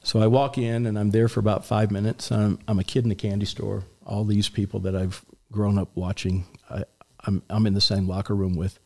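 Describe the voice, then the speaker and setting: A man in his sixties telling anecdotes as a guest on a radio talk show, relaxed and full of restarts. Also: fairly low pitch, brisk, gravelly. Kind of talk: storytelling in a radio interview.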